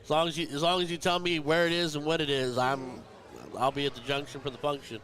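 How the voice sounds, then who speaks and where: A man's voice: fairly high pitch, little pitch movement, quick pace, a bit bright. A man hosting a live darts tournament stream, chatting and commentating in a heartfelt, emotional way.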